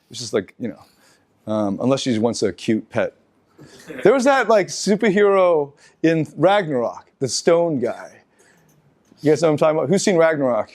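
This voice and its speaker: A middle-aged man giving a live seminar lecture, talking in an animated, halting way with restarts and asides to the audience. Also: a little high. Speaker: seminar speaker.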